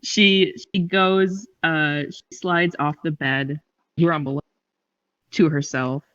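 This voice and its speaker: A woman's voice: sits low, fairly even intonation, slow, fairly bright tone, no room sound, distant mic, dull audio. A woman playing a tabletop game, giggly and hesitant with many fillers. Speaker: player. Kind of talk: casual tabletop play.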